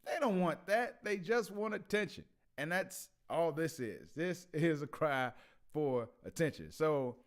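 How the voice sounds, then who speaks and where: Man, vlog host, casual commentary, slightly high voice, frequent laughs, stammering restarts. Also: expressive, unhurried.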